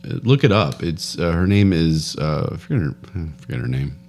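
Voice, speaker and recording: Man, very low voice, podcast co-host, casual rambling banter, chuckles a lot. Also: animated, a little fast, darkish tone. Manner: rambling, laughs often, trails off mid-sentence.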